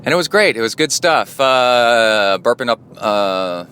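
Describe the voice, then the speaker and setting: A man's voice: mid-range voice, expressive, a little slow, pushed and bright, slight background noise. A man who coaches triathlon and hosts a podcast, talking in a rambling, chatty way. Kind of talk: casual spoken monologue.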